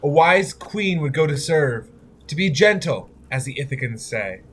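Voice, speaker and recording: A young man, a student actor, playing a stern herald of the conquering army in a stage tragedy, speaking in a measured, commanding way. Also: fairly high pitch, lively intonation, fairly bright tone, slight background noise. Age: young adult.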